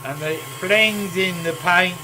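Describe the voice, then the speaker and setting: A man's voice: high-pitched, slow pace, noisy background. A man hosting a casual live woodturning demonstration from his home workshop, chatting and making jokey asides to viewers. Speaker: woodturner and channel host.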